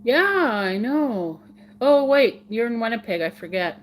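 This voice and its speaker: A woman's voice: a little high, animated, unhurried. A woman hosting a casual live stream, chatting with viewers in a giggly, playful way and repeating words for fun.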